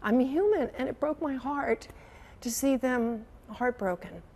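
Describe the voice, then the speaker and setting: Woman, sixties, veteran news anchor, higher voice, reflective and emotional, repeats herself when moved. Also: unhurried. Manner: animated, emotional storyteller who repeats phrases. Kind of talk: reflective conversational interview.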